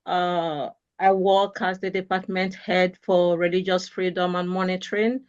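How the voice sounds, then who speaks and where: Smooth low-voiced woman introducing herself. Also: flat delivery, measured pace, a little mellow, lo-fi sound. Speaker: department head. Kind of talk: formal self-introduction.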